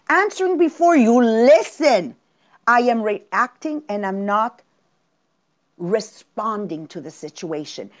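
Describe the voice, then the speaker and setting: A woman co-hosting a motivational podcast, telling stories in an animated way and often repeating words, with French as her first language. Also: a little high. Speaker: podcast co-host. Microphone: remote call.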